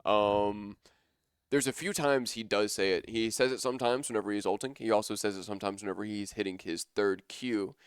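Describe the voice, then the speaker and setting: A man's voice: lowish voice, steady tone, a little fast, smooth, no echo, clean studio sound. A young man casting a college esports match live, chatting casually and rambling with enthusiasm. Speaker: esports caster.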